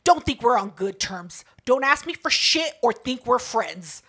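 A young woman co-hosting a casual podcast, her voice sitting a little high. She retells a fight with blunt, profane, dramatic energy. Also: lively intonation, measured pace, fairly bright tone. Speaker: podcast co-host. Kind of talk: casual chat.

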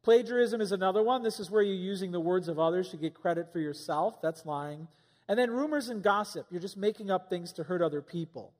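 A pastor with a high male voice preaches a sermon, speaking to the congregation conversationally and throwing out rhetorical questions. He talks a bit fast with a slightly mellow tone, and a long reverb from a large hall trails his words.

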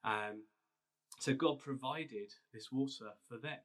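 A man's voice: mid-range voice, slow pace, a bit bright. A man, a pastor telling a Bible story as a casual, conversational sermon. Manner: storytelling, conversational with restarts and fillers.

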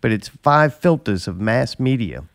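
A man's voice: medium pitch, expressive, measured pace, creaky, slight background noise. A man hosting a podcast who talks in a blunt, rambling way, swearing freely as he chats. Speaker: podcast host. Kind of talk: casual chat.

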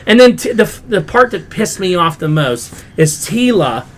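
A young man hosting a casual pop culture review podcast, recapping a show in an animated, exasperated way, full of "like" and swearing. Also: high-pitched, normal speed. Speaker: podcast host.

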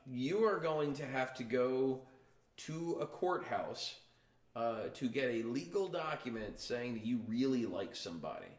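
A man's voice: medium pitch, expressive, a little slow. Rambling joking man, echoey room. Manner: rambling, joking, slips into mock voices. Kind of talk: casual chat.

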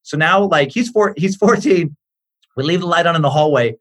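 A man in his forties, a comedian guest, telling an animated comic story, excitable and swearing freely. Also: a little high, moderate pace.

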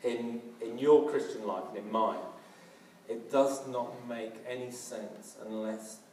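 Earnest preacher in a roomy hall. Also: male voice, mid-range voice, steady tone, slow pace, darkish tone, slight background noise. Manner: earnest, with frequent restarts and fillers. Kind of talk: sermon. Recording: roomy, from a distance.

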